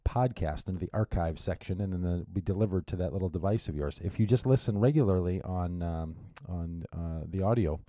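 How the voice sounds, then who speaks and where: Guy hosting his own radio show solo, really low voice, rambly and chatty w/ dry jokes. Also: a little fast, hardly any pauses, mellow, dry recording. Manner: chatty and rambling, with wry asides and frequent restarts. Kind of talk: casual solo radio monologue.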